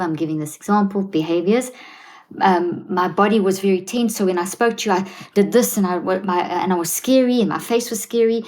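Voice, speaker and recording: A woman's voice: on the low side, a little mellow. A woman with a South African accent explaining parenting advice earnestly, often restarting her sentences and acting out what a parent might say. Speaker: guest psychologist.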